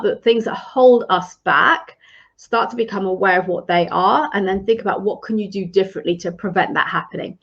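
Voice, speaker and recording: A woman leadership coach speaks to her live-stream viewers in a mid-pitched, encouraging and conversational way. She often restarts her phrases as she talks. Her voice comes through slightly dull, lo-fi stream audio.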